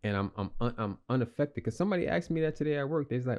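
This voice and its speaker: A man's voice: mid-range voice, expressive, fast, hardly any pauses, a little mellow, lo-fi sound. A young man hosting a casual motivational podcast, rambling and repeating himself in slangy, earnest talk. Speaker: podcast host.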